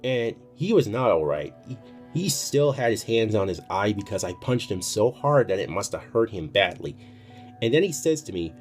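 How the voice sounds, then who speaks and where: Brief: deep-voiced male storyteller, casual and profane, faint music under him. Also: very animated, normal speed. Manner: casual, swears freely. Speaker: storytime youtuber.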